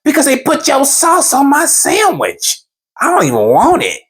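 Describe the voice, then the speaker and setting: Man doing a high-voiced wife, sassy, scolding, swooping pitch, storytelling. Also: wildly swooping pitch, fairly quick, a bit bright, husky, full character voice. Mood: annoyed. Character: exasperated wife, middle-aged woman.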